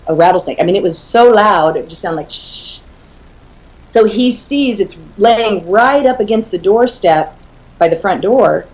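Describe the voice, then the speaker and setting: A woman in her fifties tells a story as a guest on an interview show. Her delivery is animated, and she breaks into laughter often. The audio sounds slightly muffled. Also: medium pitch. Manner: animated, laughs often while telling stories. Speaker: author and guest.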